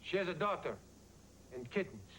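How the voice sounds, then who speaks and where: An actor playing a soft-hearted male hostage-taker in a sitcom, insistent as he takes a woman's side. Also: on the high side, very animated, moderate pace, a crowd in the background. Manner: pleading, insistent. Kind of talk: 1980s sitcom acting.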